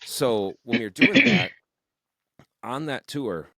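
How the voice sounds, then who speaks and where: A young man, a musician guest on a podcast, telling rambling, animated stories about his band with plenty of swearing. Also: medium pitch, takes it slowly, no room sound, studio quality. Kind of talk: casual podcast interview.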